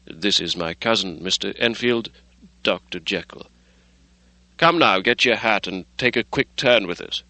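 A man reading the part of a concerned, good-natured middle-aged lawyer who speaks earnestly and briskly. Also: on the low side, animated, pushed and bright, no echo, heavily acted, rough recording. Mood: hearty.

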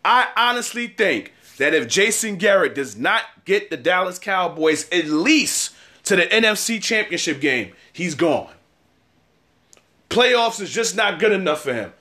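A man's voice: sits high, sing-song, measured pace, bright, forceful tone. A man in his thirties giving a casual sports opinion segment, trash-talking rival fans with lots of repetition. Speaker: sports commentator.

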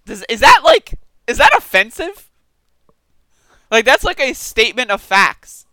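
A man's voice: very high voice, wildly swooping pitch, measured pace, bright, forceful tone, no room sound. A man giving casual, sarcastic news commentary, reading articles aloud and reacting with disbelief. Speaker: political commentary streamer.

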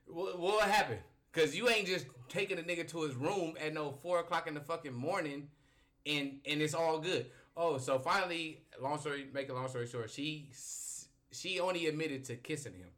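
Bright-voiced man telling a profane story. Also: a little high, normal speed. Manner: animated, profane storytelling that often breaks into laughter. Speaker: podcast host. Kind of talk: casual storytelling chat.

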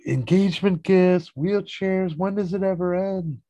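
A man's voice: high-pitched, a little slow, dark tone, no room sound, voice pushed up. A man doing a whiny, exasperated neurotic guy. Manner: whiny, incredulous outbursts. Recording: dull lo-fi recording.

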